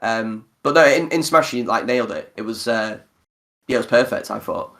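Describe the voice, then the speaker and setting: A man's voice: mid-range voice, normal speed, creaky. Laughing man chatting on a podcast. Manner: animated, laughs often. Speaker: podcast host. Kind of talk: casual podcast chat.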